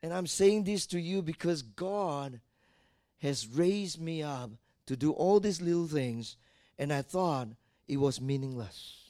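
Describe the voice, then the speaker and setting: A male pastor preaching a sermon, telling personal stories and building from quiet talk to loud, repeated exhortations. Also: on the high side, animated, unhurried, no room sound, clean studio sound. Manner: tells personal stories and addresses the congregation directly.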